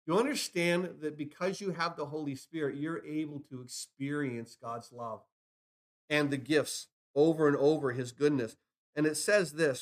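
A male pastor with a somewhat high voice preaches at a moderate pace. He builds emphasis through rhetorical questions and retells scripture stories, acting out the dialogue.

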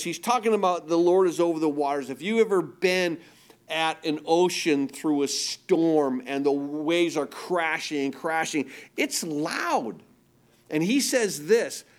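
A man preaching from the pulpit, his voice pitched somewhat high. He drives his points home with emphasis, then drops to a hushed, tender tone, and he often repeats a word as he restarts a thought. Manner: repeats words when restarting. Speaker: pastor. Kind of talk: sermon.

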